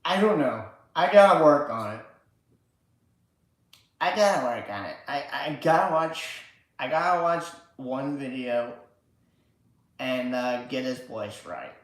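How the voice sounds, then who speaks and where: A man's voice: mid-range voice, expressive, a little slow. A man hosting a casual livestream, rambling and swearing with lots of filler words. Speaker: livestream host. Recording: very echoey room.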